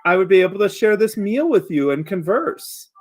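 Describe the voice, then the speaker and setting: A man's voice: high-pitched, sing-song, moderate pace, pitched above the performer's own voice. A man voicing a smug, lackadaisical male creature who speaks in a mock-polite, amused drawl.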